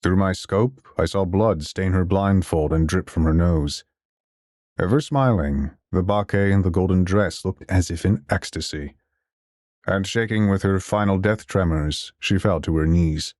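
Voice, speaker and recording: A man narrating a science fiction audio drama in the first person, in a steady, measured storytelling manner. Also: deep voice, no room sound, studio quality.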